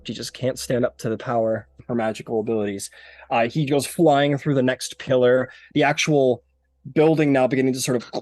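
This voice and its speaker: A man's voice: mid-range voice, darkish tone, no echo. A man narrating a tabletop game as game master, casual and rambling with many fillers.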